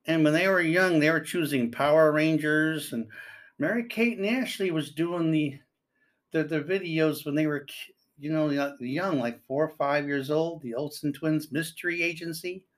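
A man's voice: a little high, normal speed. An older man, a grandfather, talking casually and at length, reading news aloud and giving earnest advice to parents. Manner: rambling, reads news aloud and reacts. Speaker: commentator. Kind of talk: casual spoken commentary.

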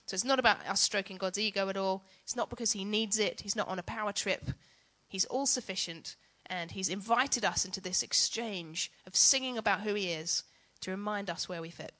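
A woman's voice: mid-range voice, brisk, hardly any pauses, pushed and bright. A woman giving a chatty, self-mocking teaching talk on worship to church leaders.

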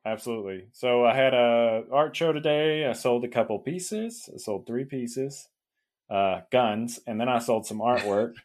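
A man's voice: mid-range voice, lively intonation, unhurried, darkish tone. Male co-host, easygoing storyteller, chuckles often, mid-range voice. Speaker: podcast co-host. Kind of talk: casual chat.

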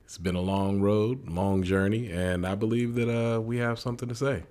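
A man, co-hosting a casual podcast, hesitant with many pauses and chuckles. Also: lowish voice, fairly even intonation, background noise. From New York. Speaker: podcast co-host. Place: dining room.

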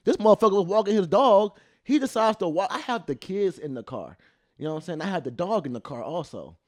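A young man co-hosting a podcast, telling stories in a profane, animated casual chat. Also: high-pitched, fast, dry recording, studio quality. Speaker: podcast co-host.

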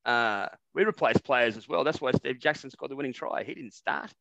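An Australian man co-hosting a satirical podcast, rambling and animated, swearing freely in casual banter. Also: medium pitch, brisk, creaky, dry recording, dull audio. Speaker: podcast co-host.

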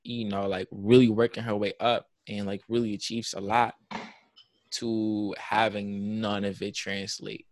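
A man's voice: on the low side, little pitch movement, measured pace. A young man from Jamaica with a New York accent, talking in a rambling casual chat full of fillers.

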